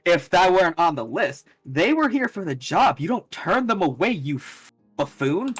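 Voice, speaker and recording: A man's voice: high-pitched, very animated, fairly bright tone, no room sound, voice pushed up, full character voice. Stern woman artificer boss, man putting on the voice, curt and commanding. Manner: brisk, curt, orders people about. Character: brisk female artificer employer, stern.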